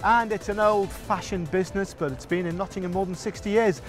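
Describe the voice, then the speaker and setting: Bloke presenting local tv, slightly high voice, bit of music behind. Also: male voice, a little fast. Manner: chatty, teasing banter with co-host. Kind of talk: presenting and voice-over narration.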